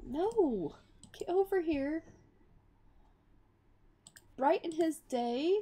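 Woman, young adult, gaming commentary, high-pitched, slow-paced, excitable, exclaiming. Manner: excitable, exclaiming and laughing at the game. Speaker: gaming YouTuber. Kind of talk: casual game commentary.

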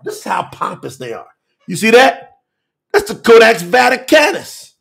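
A fiery male preacher with a very high, gravelly voice. He hammers his points with repetition, jumping from shouted declarations to hushed asides. His grammar leans on Southern US dialect. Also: huge pitch swings, normal speed. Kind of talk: fiery telethon sermon.

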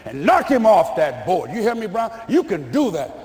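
A man voicing a gruff, commanding high school football coach who barks orders at his players. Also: very animated, normal speed, a little mellow. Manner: barking orders in a low growl. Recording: echoey hall reverb.

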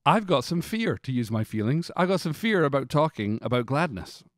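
A middle-aged man with a Scottish accent softened toward American, co-hosting a podcast in a chatty, self-deprecating way full of asides. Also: mid-range voice, very animated, a little fast, dry recording, studio quality. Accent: Scottish, worn toward American. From Scotland. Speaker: podcast co-host. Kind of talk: casual conversational podcast chat.

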